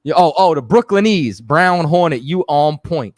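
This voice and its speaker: A man hosting a radio stream, chatting loosely and giving shout-outs to viewers. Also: a little high, expressive, moderate pace, dry recording, clean studio sound. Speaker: radio show host. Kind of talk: casual live-stream talk.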